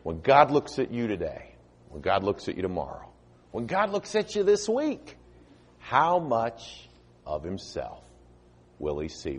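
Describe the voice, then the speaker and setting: A man preaching a sermon and leading an altar invitation in a church auditorium, with dramatic pauses and phrases that sink to a near hush at their ends. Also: low-pitched, husky. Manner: dramatic pauses, voice dropping soft at line ends. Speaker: visiting preacher.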